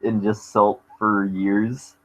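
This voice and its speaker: A man's voice: fairly low pitch, little pitch movement, slow. A young man in a casual group chat over a voice call, laid-back with terse replies. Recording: dull lo-fi voice call.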